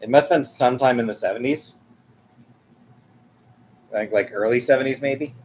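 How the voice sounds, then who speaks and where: A man's voice: mid-range voice, normal speed, darkish tone, slight background noise. A man in his forties from Canada, chatting casually with his viewers in a rambling, hesitant way that keeps correcting itself. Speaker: streamer reading chat. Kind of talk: casual chat.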